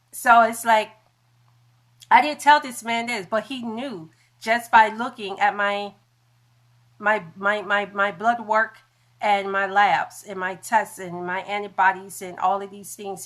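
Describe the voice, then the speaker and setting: A woman hosts a casual livestream from her phone, chatting loosely and now and then stumbling over long medical terms. Her voice is mid-range and medium in pitch, steady and unhurried, with a fairly bright tone.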